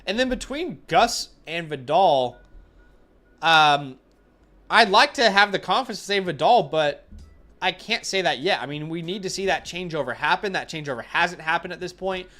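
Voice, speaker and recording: A man's voice: high-pitched, expressive, moderate pace, bright, forceful tone, faint music behind. Rambling man giving blunt fantasy picks. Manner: rambling, thinks aloud with fillers and restarts, blunt opinions. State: runny nose. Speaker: fantasy football host answering viewer questions. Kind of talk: casual live-stream chat.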